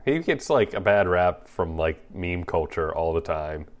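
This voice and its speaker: A man's voice: deep voice, lively intonation, measured pace. A man co-hosting a podcast in casual chat, with dry, teasing banter. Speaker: podcast co-host.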